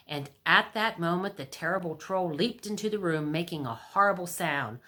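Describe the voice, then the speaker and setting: A woman reading a storybook aloud for a library storytime, lively and expressive. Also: fairly low pitch, normal speed, hardly any pauses.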